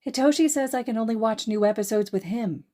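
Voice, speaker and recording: A woman reading a podfic and voicing an excited little girl with an eager, childlike manner. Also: a little high, a little fast, voice pushed up, lightly acted.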